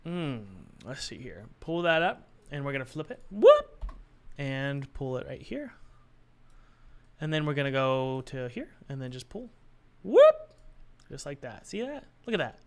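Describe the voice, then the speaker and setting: A man's voice: medium pitch, expressive, moderate pace. A young man chatting casually on a live stream, joking and thinking aloud while he works on his game.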